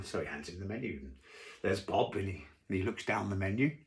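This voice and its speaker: A man's voice: sits low, lively intonation, fairly quick. A man casually telling a long joke to camera from home, rambling with asides and fillers. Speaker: joke teller. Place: home during lockdown.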